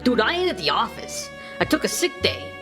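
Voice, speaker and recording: A woman's voice: on the high side, wildly swooping pitch, a little fast, over music. A woman voicing a sick, grumpy young male janitor who coughs and grumbles in slang. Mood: grumbling. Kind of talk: cartoon voice acting.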